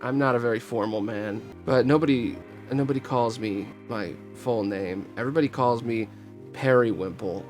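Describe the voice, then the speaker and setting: A man's voice: medium pitch, normal speed, a little mellow, soft background music, lightly acted. A man voicing Perry, a timid, nervous young shop helper who stammers and apologizes.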